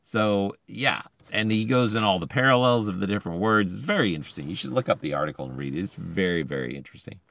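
Deep-voiced man reading in a dry car. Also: expressive, fast, creaky, few pauses, a bit bright, no echo. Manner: chatty, enthusiastic commentary between quoted passages. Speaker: podcast host. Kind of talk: reading an article aloud with casual asides.

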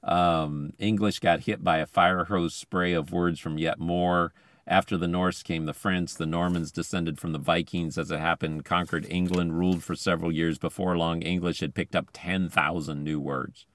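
A man with a notably low, deep voice reads an article aloud, stopping now and then for eager, chatty asides. He sounds close and dry, seated in a car with no room echo. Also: steady tone, normal speed, a bit bright, smooth. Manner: chatty, enthusiastic commentary between quoted passages. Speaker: podcast host.

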